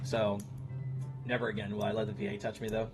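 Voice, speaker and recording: A man's voice: on the low side, flat delivery, fairly quick. A man in his thirties chatting casually with his stream viewers in a blunt, profane way. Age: 30s. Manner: blunt, profane, talks to chat. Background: music.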